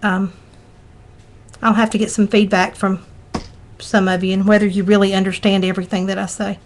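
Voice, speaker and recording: With a level tone and mid-range voice at normal speed, a middle-aged Southern craft demonstrator chats in a folksy manner through her live tutorial, talking as she works. Faint hiss or hum is present.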